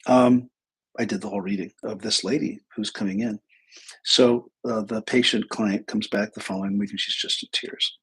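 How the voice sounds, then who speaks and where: A man's voice: lowish voice, fairly even intonation, moderate pace, husky, low-quality recording. A middle-aged man hosting a casual livestream as a psychic teacher, talking in a rambling, anecdotal way with many asides. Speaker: host, psychic and intuitive teacher.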